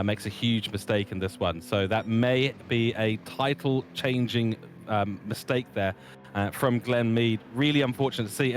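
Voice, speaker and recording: A man's voice: medium pitch, slight background noise. A man commentating on a sim race, easygoing and analytical, drawing on his own driving experience.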